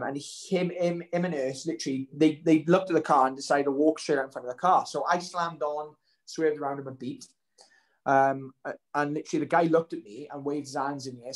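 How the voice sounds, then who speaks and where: Rambling young man, higher voice. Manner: rambling, full of "so, um" and restarts. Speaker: guest, professional fighter. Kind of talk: casual interview storytelling.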